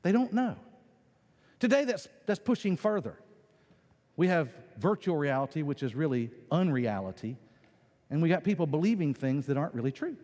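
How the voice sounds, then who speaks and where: A man preaching a sermon as pastor, animated and playful, acting out quoted voices. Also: a little high, normal speed. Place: church sanctuary. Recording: long church hall reverb.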